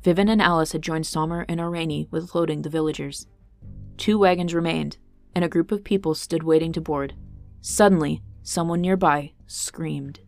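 Woman narrator, low voice, dramatic fantasy storytelling, faint guitar behind. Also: fairly even intonation, moderate pace, gravelly, darkish tone. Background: faint guitar music.

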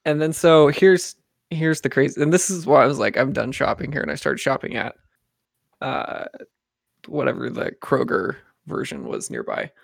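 A man's voice: medium pitch, big pitch swings, moderate pace, creaky, no room sound, clean studio sound. A young man casually telling a rambling story among friends, with lots of fillers.

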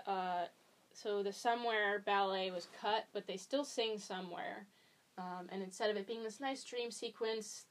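A young woman chatting casually as a podcast guest, rambling with many ums and likes. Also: mid-range voice. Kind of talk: casual chat.

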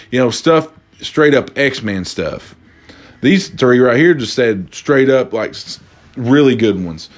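A man hosting a casual, comedic talk, reading out viewer submissions and reacting with loud, profane amusement. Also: medium pitch. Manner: animated, laughing, profane, cracks up. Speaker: host.

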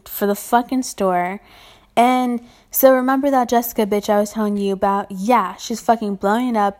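A woman's voice: medium pitch, darkish tone. A young woman who works in retail, venting casually with lots of swearing and filler words. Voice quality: self-described annoying voice. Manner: profane, exasperated venting with many fillers. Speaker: retail worker. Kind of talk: casual ranting vlog.

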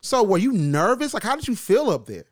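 High-voiced man hosting, slangy and playful. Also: big pitch swings, brisk. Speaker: interviewer host. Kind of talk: casual interview chat.

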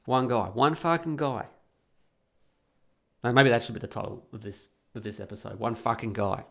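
A man's voice: medium pitch, steady tone, normal speed, gravelly, fairly bright tone. A man hosting a solo podcast, talking in a blunt, sweary, sarcastic way. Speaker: podcast host.

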